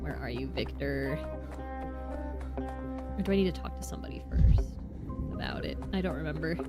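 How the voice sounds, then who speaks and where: A woman streamer chatting excitedly to herself as she plays a video game and reads out its dialogue. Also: rumbling low, normal speed, vocal fry. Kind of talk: casual game commentary with read-out dialogue. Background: game music.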